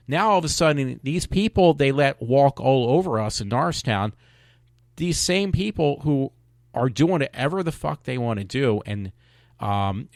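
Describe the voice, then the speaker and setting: A man hosting a podcast, ranting in a rambling, halting way with many restarts and fillers. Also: medium pitch, dry recording, studio quality. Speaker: podcast host. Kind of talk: casual opinion monologue.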